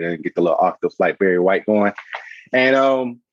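Animated man telling a story. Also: on the low side, brisk, no echo, dull audio. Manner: animated, acts out voices in anecdotes. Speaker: podcast guest, founder. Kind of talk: casual storytelling.

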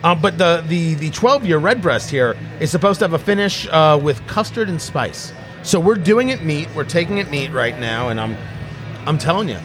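A man's voice: a little high, lively intonation, normal speed, fairly bright tone, soft background music. A middle-aged man hosting a casual tasting chat, rambling and restarting his sentences with a joking tone. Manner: rambling, self-interrupting, jokey. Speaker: podcast host.

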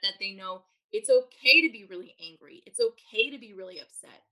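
This low-quality recording captures a woman with a mid-range voice, a parenting coach being interviewed for a podcast. She explains her thinking with animation, acting out what goes through parents' heads and what they say.

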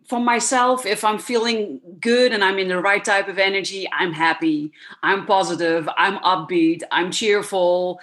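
A woman's voice: medium pitch, a bit bright. A middle-aged woman from the Netherlands, a coach speaking candidly and reflectively as a podcast guest. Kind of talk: podcast interview talk.

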